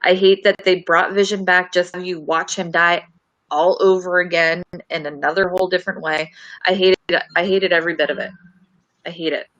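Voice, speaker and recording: A woman with a lower voice speaks bluntly, her disgust plain and unhedged. She is a panelist on a live video stream from home. Her delivery is flat-out and firm. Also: normal speed, muffled recording. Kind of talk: live stream review chat.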